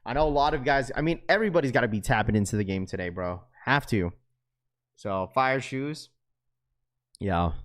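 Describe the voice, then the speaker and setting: The male livestream host speaks at medium pitch and normal speed, his voice a bit bright. In loose, joking casual chat he reads viewer comments aloud, leans on slang and the word bro, and laughs frequently.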